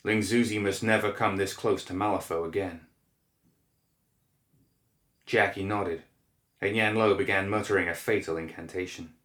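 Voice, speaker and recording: A man narrating a dark fantasy story in a measured, grave manner, recorded in an echoey room. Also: low-pitched, steady tone.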